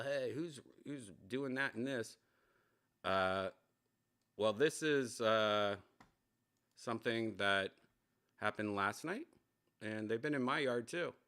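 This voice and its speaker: A man hosts his own casual, rambling livestream from a home studio, full of profanity and self-mocking riffs. His voice is medium-pitched with a fairly bright tone.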